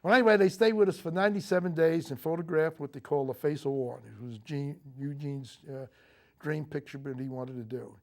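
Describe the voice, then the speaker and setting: An older man, a Marine veteran, recounting his memories in a TV interview, speaking haltingly with frequent fillers and restarts. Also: a little high. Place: local TV studio.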